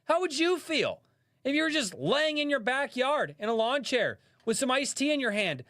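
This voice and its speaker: A man putting on an excitable Australian man for a comedy impression, speaking loudly in a high voice. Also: moderate pace, no echo, full character voice. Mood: excited. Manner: loud, excited, high-pitched storytelling. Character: wild excitable Australian man poking a snake. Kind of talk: comedic impression in a live stream.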